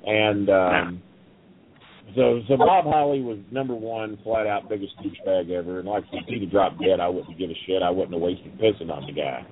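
Cussing middle-aged guy telling it straight, lowish voice, tinny phone sound. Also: normal speed, a little hiss or hum. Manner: blunt, profane and heated. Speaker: wrestling business guest. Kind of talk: storytelling over the phone.

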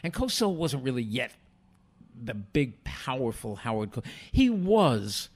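An older man, a guest telling animated stories from his past and acting out other people's lines. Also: medium pitch, measured pace. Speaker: interview guest. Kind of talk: storytelling in a podcast interview.

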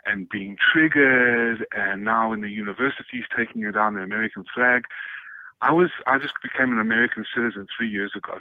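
A male caller phoning in to a radio show, ranting in halting bursts and stumbling over his words. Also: lowish voice, creaky, dry recording. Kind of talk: phone-in rant. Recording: tinny dry phone line.

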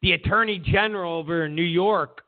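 A man's voice: high voice, brisk. A man hosting a political commentary show, ranting in a sarcastic, mocking way, stumbling over restarts and mimicking opponents. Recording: tinny phone-like lo-fi sound.

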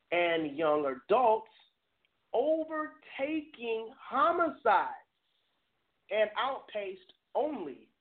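A man hosting a live call-in talk show, speaking earnestly, stammering and laughing at himself. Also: high voice. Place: home studio. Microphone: webcam streamed live. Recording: tinny phone-like audio.

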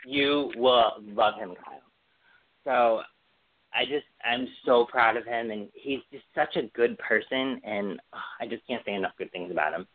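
A man's voice: mid-range voice, moderate pace, no room sound. A man co-hosting a podcast in casual chat, gushing and chatty with lots of fillers. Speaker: podcast co-host. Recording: dry, phone-like sound.

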